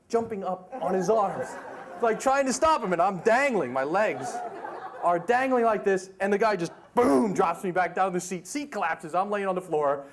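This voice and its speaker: A middle-aged man spins a humorous tale for a live story slam. His voice sits a little high and swoops around animatedly, full of chatty asides.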